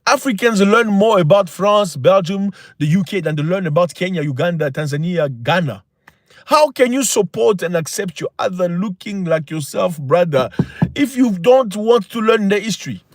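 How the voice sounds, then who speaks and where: Impassioned high-voiced man on a livestream. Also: animated, moderate pace, no echo, clean studio sound. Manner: preachy, impassioned, rhetorical questions. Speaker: channel host. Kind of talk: livestream talk.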